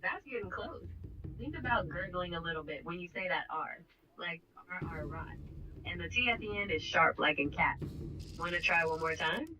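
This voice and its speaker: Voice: medium pitch, animated, moderate pace, far from the mic, rough recording. A text-to-speech assistant voice coaching a player through pronunciation, cheerful, patient and encouraging. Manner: upbeat, encouraging, patient teacher. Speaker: AI voice assistant co-host. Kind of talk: language tutoring chat.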